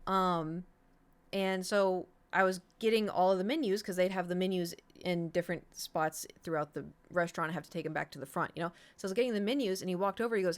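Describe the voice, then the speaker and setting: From a room at home, a young adult woman streams a casual chat, her voice sitting a little low as she talks fast. She drifts from one thought to another and swears freely while telling her stories.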